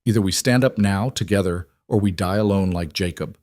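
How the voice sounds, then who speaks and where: A man's voice: deep voice, fairly quick, a little mellow, no echo, lightly acted. A man plays a determined settler pushing for action in a Western story. He talks with grim urgency. The recording is dry and close. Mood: urgent.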